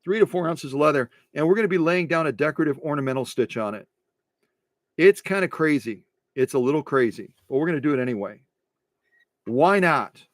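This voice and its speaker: A man's voice: fairly high pitch, no echo, studio quality. A man restoring sewing machines, talking casually through a stitching demo in his workshop, repeating phrases and breaking into playful mock rants.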